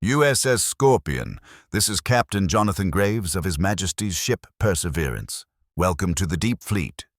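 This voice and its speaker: A man voicing a polished, courteous ghost captain of an eighteenth-century British warship who is quietly menacing, in a scripted horror story. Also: deep voice, animated, normal speed, few pauses, dry recording, clean studio sound, pitched above the performer's own voice. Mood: silky menace.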